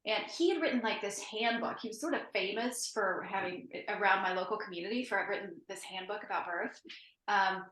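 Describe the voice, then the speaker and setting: Bright-voiced chatty woman host. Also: mid-range voice, a little fast. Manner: chatty storyteller, laughs through her words. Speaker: podcast host and author. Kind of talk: conversational interview. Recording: roomy echo.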